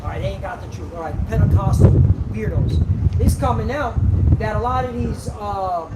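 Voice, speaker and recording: High-voiced man preaching on a noisy street. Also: highs cut off. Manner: forceful and scolding, peppered with "okay?" and "all right?". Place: outdoors on a street. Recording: roomy outdoor recording, heavy street noise from a distance. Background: traffic and street ambience.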